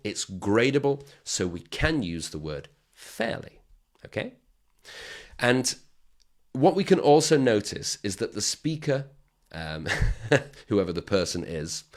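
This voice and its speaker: A man teaching an English grammar lesson on video, explaining patiently and checking in with "okay?" as he goes. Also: deep voice.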